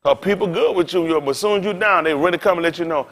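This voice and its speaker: Higher-voiced male pastor, preaching loosely. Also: fast. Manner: casual preaching with big swings in pitch and loudness; talks directly to the congregation. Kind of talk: sermon.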